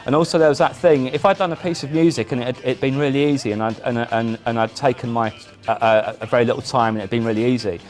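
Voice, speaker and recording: A man, a musician guest in a casual chat, telling animated stories with frequent restarts. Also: mid-range voice, fast, few pauses. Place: indoor chat.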